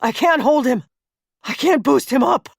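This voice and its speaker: A woman's voice: high-pitched, measured pace, fairly bright tone, no echo, studio quality, voice pushed up. A woman voicing a desperate man gasping out his words while struggling in freezing water. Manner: gasping, strained, pleading.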